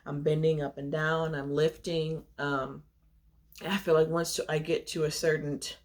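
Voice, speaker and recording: A young woman chatting straight to her camera in a relaxed, confiding way. She laughs easily and takes extra breaths between phrases, a little winded as she talks. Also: low-pitched, normal speed. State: short of breath. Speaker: vlogger. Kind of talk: casual chat to camera.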